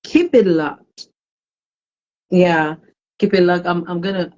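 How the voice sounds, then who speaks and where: A woman hosting a live-streamed talk show, greeting viewers by name and chatting in a warm, emotional way. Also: fairly low pitch, fairly even intonation, a little slow, long pauses, rough recording. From Ghana. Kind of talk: casual live-stream chat.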